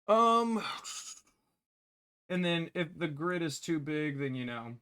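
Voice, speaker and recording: A man developing a game, thinking aloud in a halting way, correcting himself as he works and muttering to himself. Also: a little high, sing-song, bright, forceful tone, smooth. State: hiccuping. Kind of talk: thinking aloud while working.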